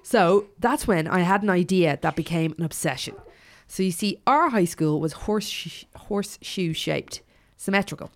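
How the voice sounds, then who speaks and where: A woman co-hosting a podcast, reading a listener's story aloud in a chatty way with frequent swearing and quick asides. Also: on the low side. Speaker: podcast co-host.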